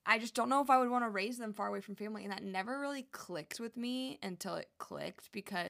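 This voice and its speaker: Chatty young woman with creaky voice. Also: a little high, fast, a bit bright. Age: young adult. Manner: chatty, rambling, lots of likes and you knows. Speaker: vlogger. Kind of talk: casual vlog chat. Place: Hawaii home.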